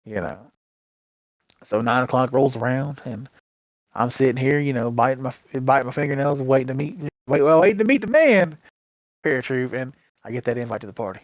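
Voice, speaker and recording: A man's voice: medium pitch, expressive, a little fast, no echo, highs cut off. A man being interviewed as a gaming community leader, telling long anecdotes in a casual, rambling way full of fillers and restarts.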